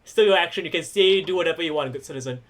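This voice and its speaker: A high-pitched man narrates a tabletop wrestling game as its game master. He is playful and laughs often. He stretches out the moves as he describes them. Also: very fast.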